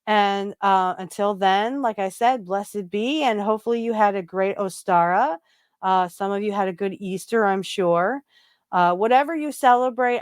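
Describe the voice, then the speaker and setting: A woman hosts a relaxed podcast in a smooth, clear voice of middling pitch. She rambles, and her talk is full of fillers, restarts and side remarks. The sound is close and dry, with no room behind her. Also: dry recording. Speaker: podcast host. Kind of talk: casual spiritual chat.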